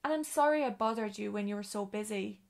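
A woman reading a storybook aloud and voicing a polite, apologetic little girl with a small, soft voice. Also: mid-range voice, fast talker, gravelly, lightly acted. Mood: earnest.

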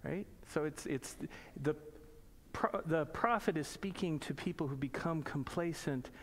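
A man preaching a sermon in a church, reading scripture slowly and then explaining it in plain conversational asides and pointed questions. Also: a little high. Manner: asks the congregation pointed rhetorical questions. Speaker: pastor.

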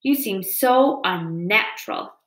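A woman's voice: lively intonation, slow pace. A woman reading aloud and voicing a fussy male owl that hoots and screeches in alarm. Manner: hooting, shrill exclamations. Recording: roomy echo.

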